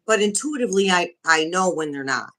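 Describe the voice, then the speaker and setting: A woman's voice: on the low side, expressive, a little fast, bright, forceful tone. A woman joining a casual livestream chat by video call, speaking frankly and openly with frequent restarts. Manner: candid, frank, restarts often. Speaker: guest.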